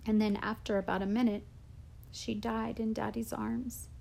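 Mellow-voiced woman reading a story. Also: fairly high pitch, level tone, moderate pace, vocal fry, slight background noise. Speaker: audiobook narrator. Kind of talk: audiobook reading.

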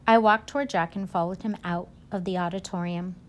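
A woman narrating a first-person storybook in a gentle, measured way. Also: on the low side, fairly even intonation. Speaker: audiobook narrator.

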